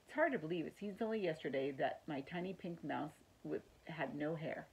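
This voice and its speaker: A woman's voice: deep voice, lively intonation, brisk, a little mellow, husky, heavily acted, rough recording. A woman reading aloud, voicing a worried, fond mother mouse in a storybook. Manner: anxious, tender.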